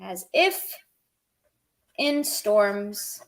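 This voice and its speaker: A woman's voice: medium pitch, lively intonation, extremely slow, low-quality recording. A woman teaching a live-streamed language lesson, explaining words one at a time with chatty asides to her viewers.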